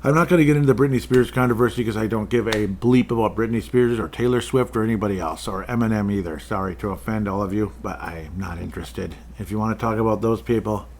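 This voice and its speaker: Male podcast host, lowish voice, digressive casual rant style with chuckles, faint room noise. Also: fast, few pauses, a little mellow. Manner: rambling, self-interrupting, digressive; chuckles often, offhand ranting. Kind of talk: casual solo sports talk.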